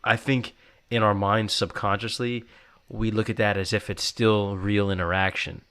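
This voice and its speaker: A man in his thirties hosting a podcast, talking in a relaxed, reflective way. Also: fairly low pitch, moderate pace, smooth. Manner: relaxed, reflective, quotes himself. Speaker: podcast host. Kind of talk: casual chat.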